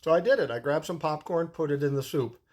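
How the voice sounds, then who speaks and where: A man's voice: fairly high pitch, fast talker, darkish tone. A man in his sixties telling a personal story in a casual, rambling way, swearing freely as he goes. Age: 60s. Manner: profane, rambling, conversational.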